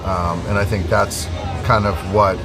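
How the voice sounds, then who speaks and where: A man's voice: fairly low pitch, flat delivery, measured pace, music in the background, a crowd in the background. A man, a team manager, answering reporters' questions thoughtfully with frequent hesitations. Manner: thoughtful, hesitant with many ums. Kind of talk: press conference answers.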